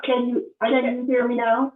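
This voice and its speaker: A woman's voice: a little high, flat delivery, normal speed. A woman hosts a call-in show and speaks to her callers in a motherly way. Her voice sounds thin and phone-like, with a roomy echo. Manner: motherly, calls people dear and sweetheart. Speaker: host.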